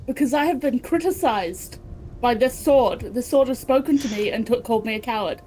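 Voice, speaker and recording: A woman's voice: a little high, normal speed, dark tone, a little hiss or hum, low-quality recording. A British woman playing a tabletop game, bold and playful. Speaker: player. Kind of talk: tabletop role-play.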